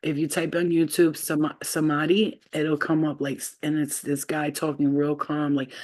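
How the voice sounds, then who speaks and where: A woman's voice: low-pitched, flat delivery, moderate pace, a little mellow. Rambling woman giving a spiritual reading. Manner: rambling and loose, full of fillers. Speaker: spiritual reader. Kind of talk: casual livestream reading.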